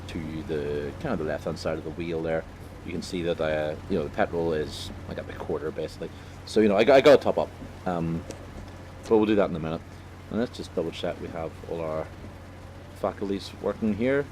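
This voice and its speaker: Northern Irish man narrating a driving game: lowish voice, loose and chatty, swears freely, faint hiss behind. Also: a little mellow. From Northern Ireland. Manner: rambling, filler-heavy, cheerfully profane. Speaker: gaming commentator. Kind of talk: casual let's-play commentary.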